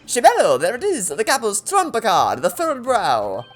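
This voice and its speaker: A flamboyant young Italian noble swindler bursts out in a high, sing-song put-on Italian accent, as a man voices him. He fawns over his partner with lively, swooping pitch in this video game voicing. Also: normal speed, soft background music, exaggerated voice. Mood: fawning.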